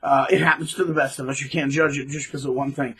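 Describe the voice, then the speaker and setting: A man's voice: medium pitch, steady tone, quick pace, pushed and bright, slightly rough, low-quality recording. A man hosting his own channel, delivering a rambling, sarcastic monologue. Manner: rambling, sarcastic, with many fillers and restarts. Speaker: channel host. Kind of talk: ranting monologue commentary.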